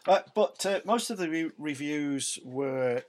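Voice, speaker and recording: A man's voice: on the high side, lively intonation, a little slow, darkish tone. A Scottish man co-hosting a podcast, chatting casually about comedy shows in a rambling way, searching for words and correcting himself as he goes. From Scotland. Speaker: podcast co-host. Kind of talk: casual comedy review chat.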